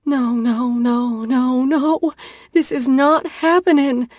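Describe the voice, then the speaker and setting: A woman voicing an anxious, emotional young woman who is quick to shout. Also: on the high side, sing-song, no echo, studio quality, pitched above the performer's own voice. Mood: panicked.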